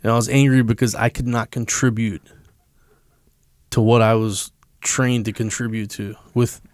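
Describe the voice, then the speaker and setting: A man's voice: mid-range voice, level tone, normal speed, darkish tone, dry recording, studio quality. A man, a podcast guest, telling a story in a casual, blunt and emphatic way, swearing freely.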